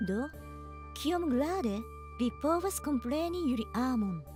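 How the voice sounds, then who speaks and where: A woman voicing a bright anime girl in a visual novel, mixing Japanese with halting phrases in a newly learned language. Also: high voice, animated, music in the background. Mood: curious. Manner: mixes Japanese with halting Esperanto.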